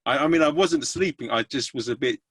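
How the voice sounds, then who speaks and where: Man, podcast host, mid-pitch, dry close sound, rambling and hesitant. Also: fairly quick, fairly bright tone, breathy edge, no echo. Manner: hesitant, rambling, many restarts. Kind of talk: casual interview chat.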